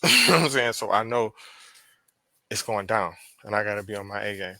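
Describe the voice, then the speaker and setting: A man with a Pennsylvania accent, a podcast guest telling a story in casual chat, profane and animated as he acts out quoted dialogue. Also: on the low side, fairly quick, no echo.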